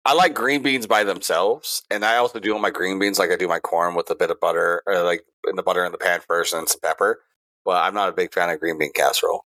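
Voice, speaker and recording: Man, low pitch, agreeable casual podcast co-host. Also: steady tone, fast talker, bright, forceful tone, no echo.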